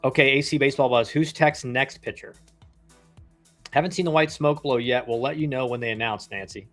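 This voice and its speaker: A man's voice: medium pitch, fairly quick, fairly bright tone, faint music behind. A man in his thirties, a former pro ballplayer, casually commenting on a live game, chatty and rambling with slangy asides. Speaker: livestream baseball commentator, former pro player.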